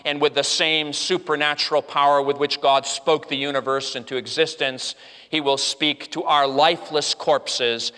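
Here an earnest preacher addresses his congregation, his medium-pitched voice sharp and clean. Frequent "uh" restarts break up his delivery as his voice climbs and drops, all under long hall reverb.

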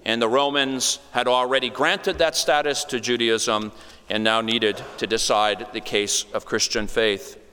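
A man's voice: mid-range voice, steady tone, a little slow, bright, forceful tone, smooth. A man preaching an expository sermon in a conversational way, with wry asides. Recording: long reverb of a large hall.

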